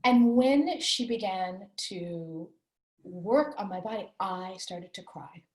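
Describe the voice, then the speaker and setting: Speaking slowly with a darkish, medium-pitched voice, a female author recounts a personal story during a candid, conversational interview. She's reflective and earnest, and the recording has a roomy echo.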